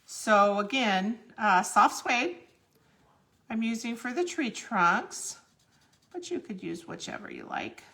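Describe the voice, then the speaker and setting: A woman's voice: on the high side, very animated, takes it slowly, gravelly, pauses often, sharp tone, slight background noise. A woman hosting a live crafting tutorial, chatting through each step as she works. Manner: chatty, explains each step while working. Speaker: crafting demonstrator.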